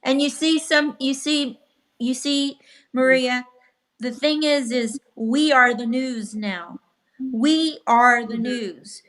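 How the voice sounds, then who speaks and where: Slow-speaking earnest woman guest. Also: sits high, a bit bright. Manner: earnest, emphatic. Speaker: talk show guest. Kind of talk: casual talk show discussion.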